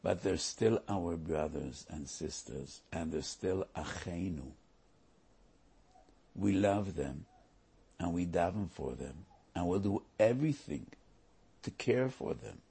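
Gravelly, raspy rabbi giving a sermon. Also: male voice, low voice, animated, takes it slowly, dark tone. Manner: emotional, preacherly, quotes Hebrew texts in a chant. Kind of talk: Torah sermon.

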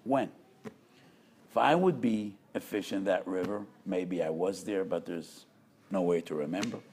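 A man, a rabbi, giving a measured, emphatic Torah lecture with storytelling. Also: sits low, a little mellow, breathy edge.

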